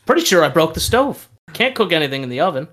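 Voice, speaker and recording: Animated man telling stories, lots of laughter. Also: fairly high pitch, fast talker. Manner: animated storyteller, laughs often, swears casually. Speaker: podcast co-host. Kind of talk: casual chat.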